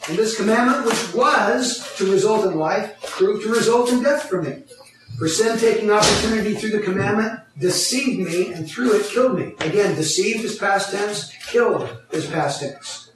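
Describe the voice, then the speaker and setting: High-voiced pastor in an echoey hall. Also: male voice, normal speed, music in the background. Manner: explanatory, asks the congregation questions. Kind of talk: teaching sermon. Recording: echoey hall, mic far off.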